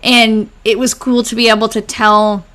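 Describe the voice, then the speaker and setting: A woman's voice: a little high, level tone, normal speed, fairly bright tone. A young woman hosting a casual live stream, chatting with viewers, answering their comments and laughing often. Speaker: live stream host reading old diaries.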